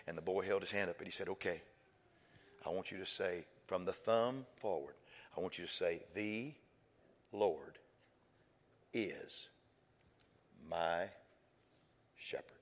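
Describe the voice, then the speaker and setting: A male pastor preaching a sermon, telling a story with quoted dialogue, slow and emphatic. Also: low-pitched, big-room sound. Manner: storytelling, builds to shouting climax.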